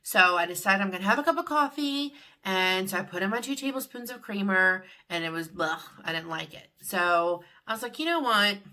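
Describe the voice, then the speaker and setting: A woman's voice: medium pitch, animated, a little fast, sharp tone. A middle-aged woman vlogging in a chatty, rambling way about her week. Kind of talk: casual confessional vlog.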